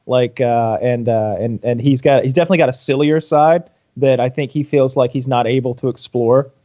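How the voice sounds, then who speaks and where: A man's voice: medium pitch, brisk, dark tone, no echo, muffled recording. Man rambling on a podcast. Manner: rambling, repeats words. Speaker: podcast co-host. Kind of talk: casual podcast banter.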